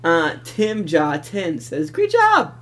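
A man's voice: on the high side, wildly swooping pitch, slow pace, fairly bright tone. Man casually reading listener reviews. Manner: reads listener reviews aloud with asides. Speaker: podcast co-host. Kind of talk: casual podcast chat.

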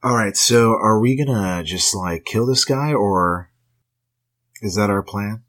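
Husky low-voiced male player. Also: unhurried, a bit bright. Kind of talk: casual tabletop game chat.

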